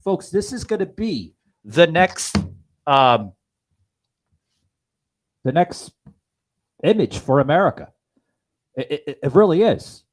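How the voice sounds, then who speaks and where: A man's voice: on the high side, big pitch swings, takes it slowly, pauses often. A man hosting a political podcast in a fervent style, repeatedly calling his listeners folks. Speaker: podcast host.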